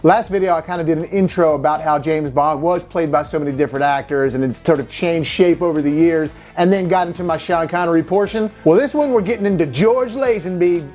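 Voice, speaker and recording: Male reviewer, high-pitched, casual and rambling, faint music bed. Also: brisk, few pauses, a little mellow. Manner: chatty, rambling, self-deprecating asides. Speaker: movie review host.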